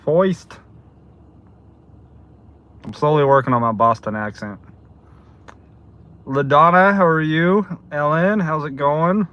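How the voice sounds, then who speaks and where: A man's voice: fairly high pitch, a little slow, smooth, dull audio. A man in his seventies chatting casually on a livestream while driving deliveries, greeting viewers by name. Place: in a car.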